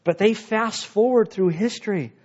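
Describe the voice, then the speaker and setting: A man's voice: high voice, moderate pace, darkish tone, highs cut off. A man preaching a sermon, retelling scripture casually and playfully, acting out lines of dialogue. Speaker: pastor.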